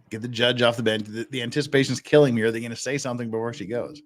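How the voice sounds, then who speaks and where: A man's voice: medium pitch, steady tone, very fast. A man hosting a casual livestream, chatting and joking with frequent restarts. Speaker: livestream host.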